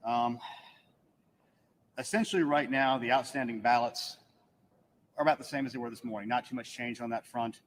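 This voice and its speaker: A man's voice: medium pitch, moderate pace, pauses often. A man, an election official giving a matter-of-fact press briefing and reading out figures with dry asides. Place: press room. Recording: echoey hall with faint room ambience.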